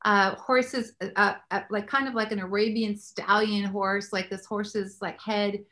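A woman hosting a faith talk show, telling stories in an animated way and praying aloud. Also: medium pitch, measured pace. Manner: animated storyteller, prays aloud. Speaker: host.

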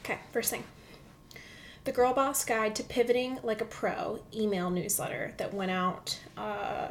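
A woman hosting a casual solo podcast from a comfy chair at home, chatty and excitable, often dropping to a near whisper. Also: medium pitch, slight background noise. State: recovering from illness, walking with a limp. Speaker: podcast host. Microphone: studio microphone.

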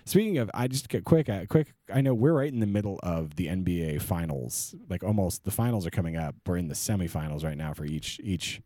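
A man co-hosting a podcast in casual chat, rambling and halting with frequent restarts. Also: low-pitched, lively intonation, mellow, dry recording, studio quality. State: short on sleep. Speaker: podcast co-host.

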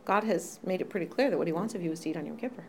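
A woman's voice: fairly low pitch, rapid-fire, slight background noise. A woman in a casual discussion who tells a story and acts out the voices of the people in it. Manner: animated storyteller acting out quoted voices.

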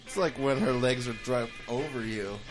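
A man, the band's bassist, joking crudely and deadpan in a radio interview. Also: normal speed, over loud music, poor audio. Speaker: band bassist. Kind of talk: casual interview.

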